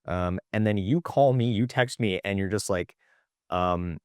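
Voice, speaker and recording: Animated young man telling a story. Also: low-pitched, measured pace, clear, resonant tone, no room sound, studio quality. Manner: animated storyteller acting out quoted lines, many fillers. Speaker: podcast guest. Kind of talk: casual podcast chat.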